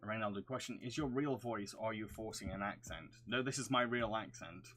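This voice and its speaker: A man with a mixed London and Yorkshire accent, casually answering viewer questions on a livestream. He talks in a crisp, over-enunciated way, reads questions aloud and hums to himself between them. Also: on the low side, brisk, a bit bright. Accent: mixed London and Yorkshire English. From England. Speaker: streamer answering chat.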